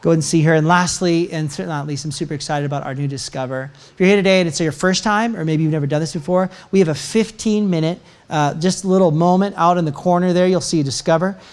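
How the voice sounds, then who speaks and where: The pastor, a middle-aged man, talks fast with few pauses in a slightly high, clear, resonant voice. His announcements and sermon, complete with a personal story, are chatty and casual, full of self-deprecating humor, delivered in a church sanctuary.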